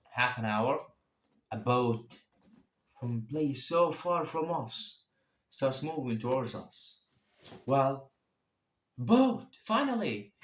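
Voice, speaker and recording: A young man telling his own story casually, swearing freely and jumping in pitch and loudness. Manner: profane, animated, sudden swings in pitch and loudness. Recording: echoey room.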